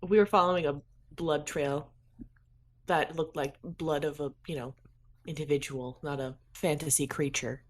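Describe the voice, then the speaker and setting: Female tabletop player, slightly low voice, formal and officious delivery. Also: fairly even intonation, normal speed, a little hiss or hum. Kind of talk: in-character tabletop roleplay.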